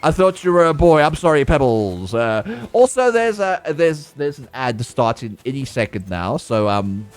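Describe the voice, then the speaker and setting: A man streaming a video game, chatting casually and playfully, using baby talk for animals and breaking into sudden high outbursts. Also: big pitch swings, normal speed, few pauses, faint music behind. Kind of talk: casual live-stream gameplay commentary.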